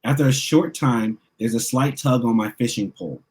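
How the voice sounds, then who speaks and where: Man, children's author, reading aloud, expressive first-person narration. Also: medium pitch, moderate pace. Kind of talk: reading a picture book aloud.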